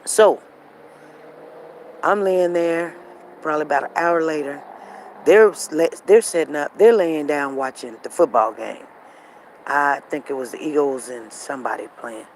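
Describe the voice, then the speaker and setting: A woman hosting a casual show, telling a family story in a repetitive, animated, conversational way while walking outdoors. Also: sits low, unhurried, pauses often, a little hiss or hum, low-quality recording. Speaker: show host. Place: walking outdoors near traffic.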